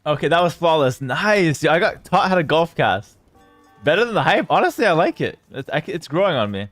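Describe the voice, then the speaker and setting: A man talks fairly quickly as he streams commentary on a strategy esports match, with no room sound and soft music in the background. He reads from chat and moves between big, loud hype and calm, low play calls.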